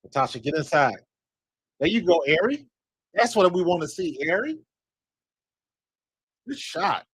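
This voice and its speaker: A man giving excited live fan commentary on a basketball game, talking to the players as if coaching them and scolding missed shots. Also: high-pitched, measured pace, slightly rough, no room sound. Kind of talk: live watch-along commentary.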